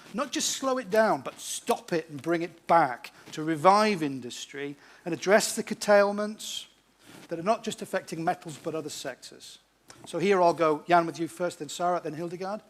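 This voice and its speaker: A man with a high voice moderates a panel debate at a conference event. He keeps things moving, steering each speaker briskly to the next question. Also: lively intonation.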